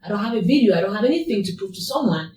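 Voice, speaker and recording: A woman's voice: medium pitch, lively intonation, rapid-fire, darkish tone, a little hiss or hum. Woman retelling her story, echoey and distant. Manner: repetitive, emphatic retelling. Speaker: interview guest. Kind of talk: personal story in an interview. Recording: echoey room, distant mic.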